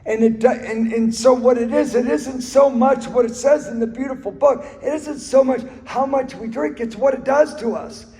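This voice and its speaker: A man's voice: extremely high pitch, normal speed, hardly any pauses, warm tone. A man giving an earnest personal recovery talk, telling stories and repeating phrases for emphasis. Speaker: speaker sharing his recovery story. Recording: reverberant hall recording.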